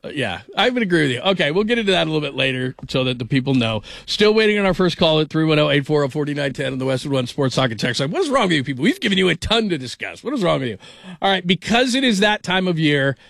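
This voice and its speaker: A sports radio host with a slightly raised pitch rambles through stories and pokes fun at himself, laughing as he goes. The sound is close and dry, with no room around it. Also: very animated, fast talker, gravelly, a bit bright, no room sound. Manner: rambling, self-deprecating, laughs often. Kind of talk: casual sports radio talk.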